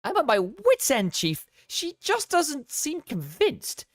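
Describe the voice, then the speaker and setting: A woman voicing an excitable young male engineer in a squealing high voice. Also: slow pace, dry recording, studio quality, heavily acted. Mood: pleading. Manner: shrill, squealing.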